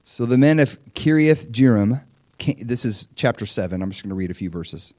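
A man preaching to his congregation in a relaxed, conversational way. His voice sits at an ordinary middle pitch. He breaks into animated little voices when he quotes people. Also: normal speed. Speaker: pastor. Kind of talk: sermon.

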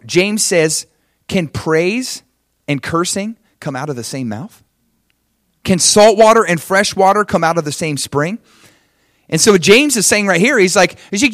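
A middle-aged male pastor preaching a sermon, swinging from loud and emphatic to soft and hushed. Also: medium pitch, dry recording, studio quality.

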